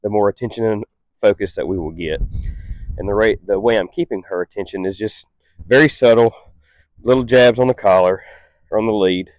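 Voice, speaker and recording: Low-voiced, calm dog trainer. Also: male voice, brisk, pauses often, no echo. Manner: calm and patient, with short stern commands to a dog. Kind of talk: instructional demonstration.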